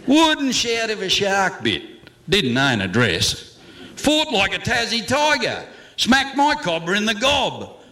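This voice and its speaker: A man's voice: sits high, wildly swooping pitch, slow, bright, forceful tone. A man with an Australian accent reciting a comic verse yarn in a rollicking, theatrical way, heavy with slang.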